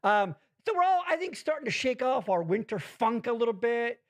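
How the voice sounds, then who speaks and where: A man's voice: extremely high pitch, moderate pace, no echo, clean studio sound. A man hosting a live-streamed show, rambling and swearing in casual chat. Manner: rambling, swears freely, animated. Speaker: podcast host.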